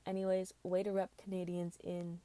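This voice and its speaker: A woman's voice: lowish voice, completely flat delivery, normal speed, warm tone, no room sound. A tired woman streaming a mobile game at home, chatting casually and rambling about her team. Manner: rambling, chatty, self-deprecating. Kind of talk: casual gameplay commentary.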